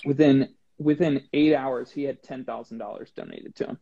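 A man's voice: mid-range voice, moderate pace, vocal fry, crowd noise. A man who is a guest on the show, telling a story in a casual chat and acting out the dialogue with animation. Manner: animated retelling with acted-out dialogue. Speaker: guest, long-distance hiker. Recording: dull lo-fi sound with faint noise.

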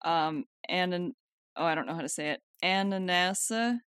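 A California woman co-hosts a podcast, chatting upbeat and casual, packing her speech with fillers and laughing often. Her voice is deep and fairly bright, her intonation fairly even, her pace a little fast. The studio recording is clean and dry.

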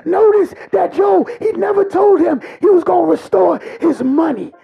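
Man preaching hard, real high gravelly voice, cries and shouts, kinda muffled lo-fi recording. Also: moderate pace. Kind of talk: sermon.

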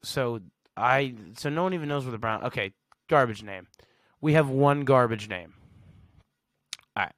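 A man's voice: mid-range voice, normal speed, long pauses, a bit bright, no echo. A man hosting a solo podcast in a casual, slangy way, reading facts aloud and reacting with blunt verdicts. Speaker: podcast host.

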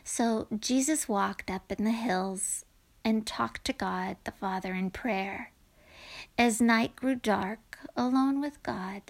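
A woman reading a rhyming children's story aloud in a gentle voice that drops to whispers. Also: a little high, slow.

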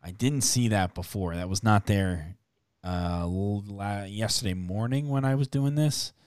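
A man hosting a sports betting podcast, chatting casually and briskly reeling off odds and numbers. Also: fairly low pitch, a little mellow, smooth, no room sound, studio quality.

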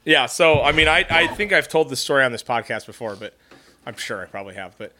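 A man with a bright, forceful voice hosts a casual podcast. He tells a rambling, profanity-laced story and breaks into laughter often. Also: medium pitch, expressive, quick pace. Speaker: podcast host.

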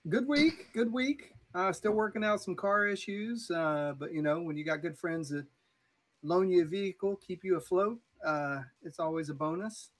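A man's voice: high-pitched, normal speed. A man co-hosting a faith talk show, chatting casually in an upbeat, reassuring way. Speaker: podcast co-host. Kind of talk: casual chat.

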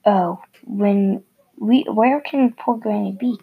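A woman voicing an innocent little girl in a storybook reading, soft and wondering. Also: medium pitch, takes it slowly, vocal fry, phone-quality sound, a little hiss or hum. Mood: worried. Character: innocent little girl, trusting then frightened.

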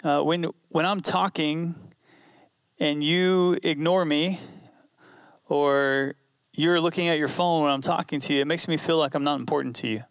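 A man's voice: a little high, fairly even intonation, normal speed, fairly bright tone, no room sound, studio quality. A man preaching a sermon in an earnest, conversational way, repeating key phrases. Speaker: pastor.

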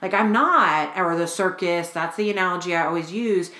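A woman coaching clients, talking casually and frankly on a podcast, with lively storytelling and frequent swearing. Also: on the low side, fairly quick, few pauses. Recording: roomy echo.

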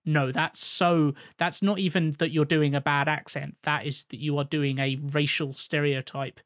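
A man's voice: fairly high pitch, little pitch movement, moderate pace, a bit bright, dry recording, studio quality. A man co-hosting a podcast, laying out long, articulate arguments in casual chat.

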